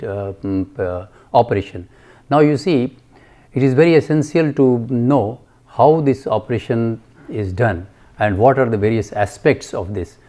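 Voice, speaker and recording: A man giving a recorded lecture, halting with many fillers and asking and answering his own questions. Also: on the low side, mellow.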